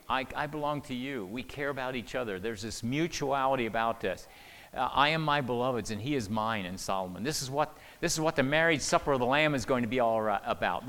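A man's voice: mid-range voice, a bit bright. Older man teaching in a reverberant hall. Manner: repeats words often while talking, asks the audience questions. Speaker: speaker teaching on marriage. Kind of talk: conversational church teaching.

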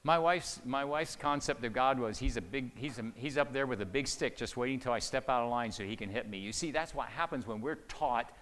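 A man preaching a sermon, telling a story, swinging between hushed asides and loud, emphatic lines. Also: mid-range voice, a little fast, few pauses. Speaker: pastor. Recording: long reverb of a large hall.

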